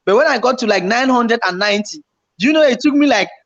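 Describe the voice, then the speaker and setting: Animated man, high voice, lo-fi recording. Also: fast talker. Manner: animated, acts out his own panicked past remarks, repeats himself. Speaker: YouTuber co-host. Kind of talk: casual storytelling chat. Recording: slightly dull lo-fi home recording.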